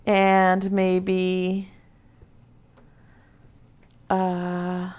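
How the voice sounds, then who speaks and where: A woman teaching preschool over a video call reads a picture book aloud in a gentle, playful way and asks the kids questions. Her voice is fairly low and monotone, and her pace is extremely slow.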